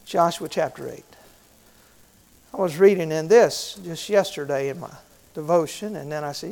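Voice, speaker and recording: High-voiced man preaching a sermon. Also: animated, normal speed. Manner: asks the congregation questions, repeats key phrases. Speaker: pastor.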